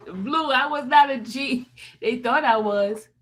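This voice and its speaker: A woman's voice: sits high, a bit bright. A woman hosting a live stream in casual chat, joking, laughing often and talking to viewers in the chat by name. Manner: drawn-out yawns and sighs. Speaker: livestream host.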